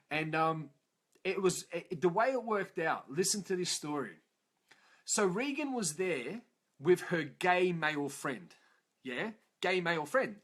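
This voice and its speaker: A middle-aged man with an Australian accent telling a personal story in a rambling, animated way, swearing freely. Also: fairly high pitch. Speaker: speaker telling his life story. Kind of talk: casual storytelling.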